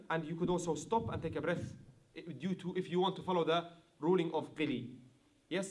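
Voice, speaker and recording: Man, high-pitched voice, online class, explains rules, chants verses, checks in with students. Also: fairly quick, darkish tone. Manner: checks in with students, asking if it is clear. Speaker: Quran recitation teacher.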